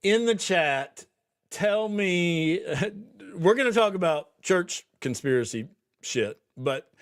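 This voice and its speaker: Slow-talking man hosting a casual livestream. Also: high-pitched, animated. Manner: rambling, laughs often, many fillers and restarts. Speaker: podcast host. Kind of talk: casual livestream chat reading viewer comments.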